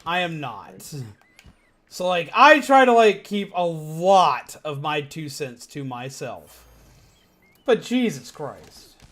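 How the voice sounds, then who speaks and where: Young guy gaming stream, high pitched voice, rambles and swears a lot. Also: slow pace. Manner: rambling, animated, swears freely. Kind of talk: casual gaming commentary.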